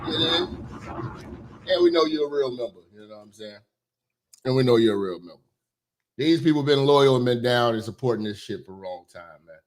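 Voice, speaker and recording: A man hosting a livestream, talking casually, loud and profane, joking and laughing often. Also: mid-range voice, animated, fairly quick, pauses often. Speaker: livestream host.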